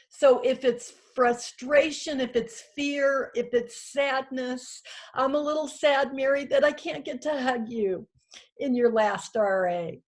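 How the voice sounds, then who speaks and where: A woman in her sixties gives a heartfelt, halting union speech over a video call from her small house, emotional and full of fillers. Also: on the high side. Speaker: union president addressing a convention.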